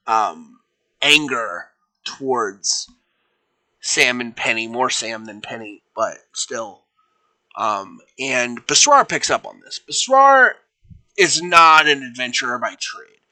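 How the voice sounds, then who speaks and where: A young man narrates his fan fiction live from a home stream, trailing into fillers and self-corrections as he goes. His voice is strikingly bright and sits at an ordinary pitch. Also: lively intonation, takes it slowly, rough recording. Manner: voices figures without putting on accents.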